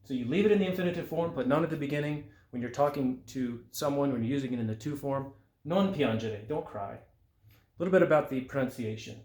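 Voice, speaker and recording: Man, language teacher, patient explanations, slow careful examples, roomy echo. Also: mid-range voice, darkish tone. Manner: patient, slows down to sound out example phrases.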